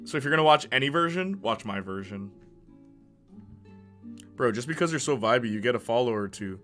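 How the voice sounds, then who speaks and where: Animated young man chatting on stream. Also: medium pitch, a little fast, faint music behind. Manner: animated, chatty, stammers and repeats words; laughs often between remarks. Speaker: live streamer. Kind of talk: casual live-stream chat.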